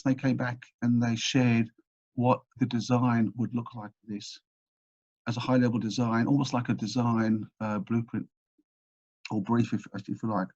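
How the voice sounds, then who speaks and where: A man's voice: medium pitch, a little mellow, husky, muffled recording. A man as an interview guest, telling a long anecdote with energy, often restarting his sentences. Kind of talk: storytelling in a podcast interview.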